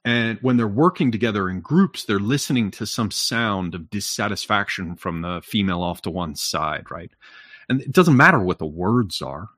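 A lowish male voice in casual chat, blunt and profane, building his point with a steady string of "right?"s. The recording is dry and close, with no room sound. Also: moderate pace, dry recording. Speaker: podcast talker.

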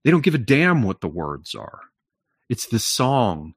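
A man's voice: medium pitch, big pitch swings, unhurried, slightly rough, no echo, studio quality. A man in casual chat, lecturing bluntly and profanely, checking in with frequent "right?"s. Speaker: podcast talker.

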